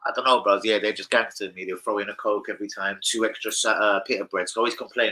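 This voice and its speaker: A man's voice: fairly low pitch, steady tone, fast, hardly any pauses, sharp tone, rough recording. A young man, hosting a casual live-stream chat, rambling through stories full of slang and swearing. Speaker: football fan channel host.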